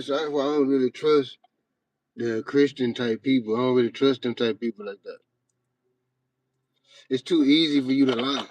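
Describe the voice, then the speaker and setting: A man's voice: mid-range voice, dry recording. A young man hosting a livestream, talking bluntly and profanely in a rambling, casual way to his chat. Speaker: livestream host.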